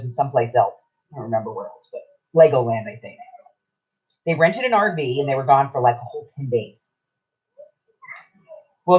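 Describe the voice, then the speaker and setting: An older woman casually telling a long anecdote on a talk show, chatty and lively, slipping into other people's voices as she quotes them. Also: sits low, lo-fi sound. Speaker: podcast co-host. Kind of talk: casual storytelling.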